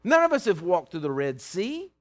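A man preaching a sermon, folksy and teasing, swinging from loud to hushed. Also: high voice, wildly swooping pitch, moderate pace. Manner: plain-spoken, folksy, teasing.

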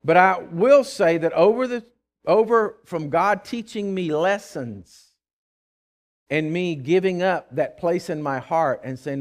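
A man preaches a sermon in a slightly raised pitch. He tells his stories with emphasis, moving between loud, declaring bursts and softer asides. He often stumbles and restarts his words. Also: a little slow. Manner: frequent stammered restarts. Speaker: pastor.

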